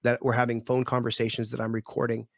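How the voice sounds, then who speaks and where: A man, the guest of an interview, telling a personal story in a lively way and acting out the people in it. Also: mid-range voice, fast, gravelly, dry recording, studio quality. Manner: lively, acts out voices in his stories. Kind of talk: animated storytelling.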